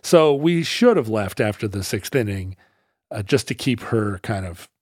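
A middle-aged man from the Seattle area telling casual anecdotes, sometimes acting out loud brash characters. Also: fairly low pitch, animated, unhurried, husky, dry recording, clean studio sound. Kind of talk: casual storytelling chat.

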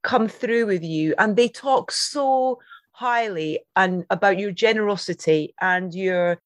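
Woman podcast host, mid pitch, dry close mic; gushing, rambling questioner. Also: takes it slowly, no room sound. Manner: enthusiastic, long rambling questions. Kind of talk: interview questions.

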